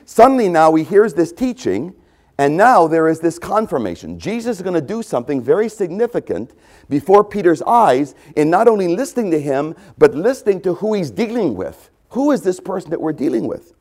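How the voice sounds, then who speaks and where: A man preaching a sermon, emphatic and repeating key phrases, often clearing his throat. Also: a little high, sing-song, brisk, a little mellow.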